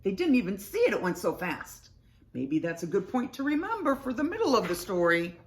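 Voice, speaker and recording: A woman teacher reading a picture book aloud to children and explaining the story in an expressive, patient way. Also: mid-range voice, brisk.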